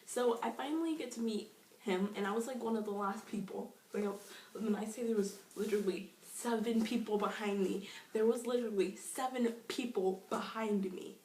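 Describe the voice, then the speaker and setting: A young woman with a slightly high voice tells a casual storytime, gushing and excitable, with "like" in nearly every sentence. She sits some way off the camera mic in a bouncy, echoey room, with a faint hiss underneath. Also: normal speed, far from the mic. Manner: self-described shy and nervous. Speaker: vlogger.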